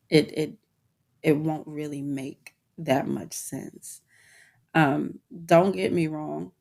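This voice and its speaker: A woman's voice: sits low, vocal fry, darkish tone. A woman hosting a personal podcast, talking candidly and informally to her listeners, with frequent restarts. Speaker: podcast host. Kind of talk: personal reflective monologue.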